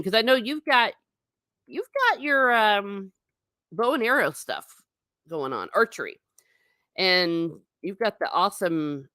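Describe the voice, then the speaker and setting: A woman's voice: no room sound, clean studio sound. A middle-aged woman hosting a livestream, chatting casually and rambling, reading comments from chat. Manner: chatty, rambling, animated pitch swings.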